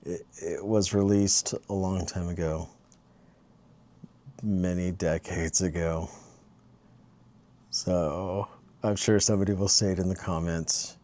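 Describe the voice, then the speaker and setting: A man's voice: low-pitched, fairly even intonation, slow, pauses often, warm tone. A man chatting casually in a late-night vlog, rambling into a long meandering story. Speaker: vlogger.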